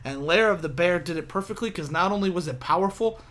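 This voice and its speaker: A podcast co-host in casual chat. The voice swings widely in pitch as they talk. The manner is animated and playful. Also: fast talker.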